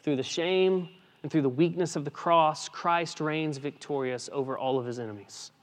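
A man's voice: on the high side, moderate pace. Preaching man in a reverberant hall. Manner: swings between hushed and emphatic, with casual asides. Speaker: pastor. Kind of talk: sermon.

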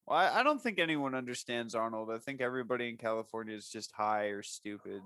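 A man hosting a casual comedy chat, crude and teasing, quick to laugh. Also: medium pitch, expressive, a bit bright.

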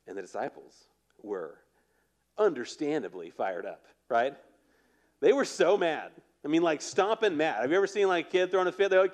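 A male pastor delivers a sermon in a relaxed, conversational tone, acting out the scenes as he goes. His voice sits slightly high for a man. At key moments he sinks into a soft, low, intimate hush. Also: moderate pace. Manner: conversational, animated storytelling with acted quotes.

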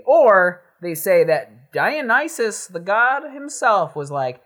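A man hosting a podcast, retelling a Greek myth in casual, rambling talk, full of swearing and quick acted-out asides. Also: sits high, sing-song, fairly bright tone. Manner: rambling, profane, acts out characters in quick asides. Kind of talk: casual storytelling with friends.

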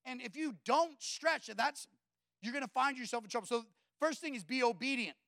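Gravelly conversational male pastor preaching. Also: very high-pitched, moderate pace, sharp tone, no echo, studio quality. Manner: conversational preaching, frequent "right?" asides. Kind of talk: sermon.

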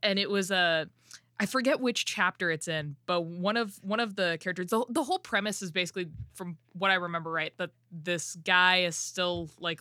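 A woman co-hosting a podcast in casual chat, telling a story in halting, rambling fashion with many fillers. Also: lowish voice, sharp tone, no echo, clean studio sound. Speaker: podcast co-host.

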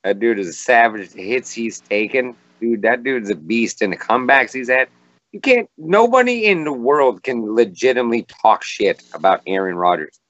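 A man's voice: mid-range voice, expressive, moderate pace, fairly bright tone, dry recording. A man co-hosting a casual sports podcast, joking and slangy. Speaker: podcast co-host. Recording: dry, dull lo-fi.

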